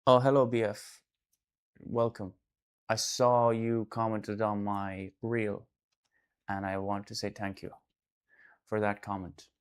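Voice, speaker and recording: A man's voice: on the low side, level tone, slow pace, pauses often, smooth. Irish man rambling on a live stream. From Ireland. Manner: rambling and loose, sudden loud bursts, casual swearing. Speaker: artist hosting a live stream. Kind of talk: casual live-stream chat.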